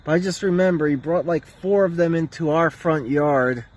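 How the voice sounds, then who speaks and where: A man's voice: moderate pace, a little mellow. A man with a New Jersey accent narrating a casual, rambling driving vlog. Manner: rambling, talks to a cat in a high coo. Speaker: vlogger.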